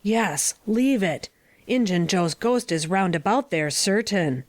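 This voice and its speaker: A woman's voice: medium pitch, animated, slow. A woman playing a wary drawling boy. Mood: uneasy. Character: wary superstitious ragged boy.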